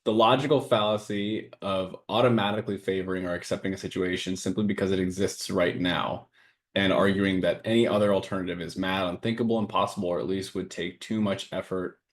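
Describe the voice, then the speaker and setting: A man co-hosting a casual podcast, talking earnestly and reading a list of sayings aloud in a steady way. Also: sits low, fairly quick. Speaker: podcast co-host and coaching business owner.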